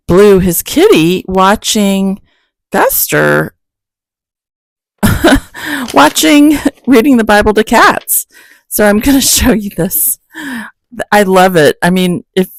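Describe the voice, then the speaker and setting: At home among her cats, the host of a Bible-reading channel rambles through a casual chat, making fun of herself now and then. She speaks at a medium pitch with vocal fry, and there's no echo.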